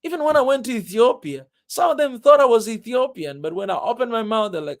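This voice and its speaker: Man vlogger with a higher-pitched voice; loose, emphatic, laughing delivery straight to camera. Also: animated, fast, hardly any pauses. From Tanzania. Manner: emphatic, keeps saying "man", laughs often. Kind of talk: casual monologue to viewers.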